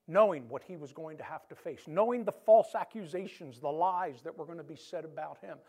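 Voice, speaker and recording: A male pastor giving an animated sermon, moving between loud emphasis and soft, hushed moments. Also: sits high.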